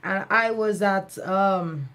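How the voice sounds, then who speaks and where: A young Jamaican woman, a reggae singer, telling stories in an interview, animated and laughing often as she slips into patois. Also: mid-range voice, slow pace. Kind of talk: storytelling interview chat.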